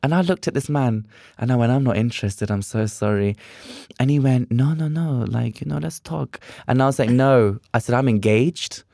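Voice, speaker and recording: A man's voice: mid-range voice, normal speed, gravelly, no echo, clean studio sound. A young man, a guest on a podcast, telling stories in a casual chat and acting out the dialogue. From England. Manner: animated, acts out quoted dialogue. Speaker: podcast guest, drag performer.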